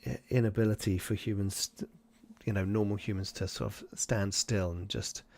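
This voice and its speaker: A man runs the table as game master, talking his way through each scene and dropping into voices for the side characters. His voice is low, and it sounds close and dry, with no room around it. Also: steady tone, normal speed, vocal fry, a little mellow, no echo. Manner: loose, searching narration that acts out side characters. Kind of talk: improvised tabletop narration.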